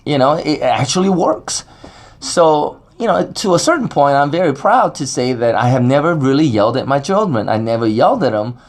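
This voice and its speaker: A man's voice: mid-range voice, very animated, moderate pace. A middle-aged man giving a casual, rambling talk on scripture at a faith gathering, with many fillers and restarts.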